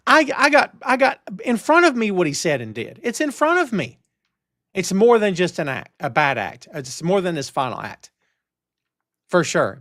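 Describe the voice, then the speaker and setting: Brief: middle-aged male stream host, fired-up casual chat, high voice, dry close mic. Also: no echo. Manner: animated, ranting, talks straight to the chat. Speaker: wrestling show host. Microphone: headphones and studio mic.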